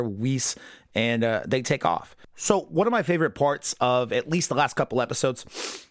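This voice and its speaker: A man giving a casual, rambling episode review as a podcast host, swearing freely and breaking into quick impressions of character lines. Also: medium pitch, no room sound, studio quality. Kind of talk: casual unscripted commentary.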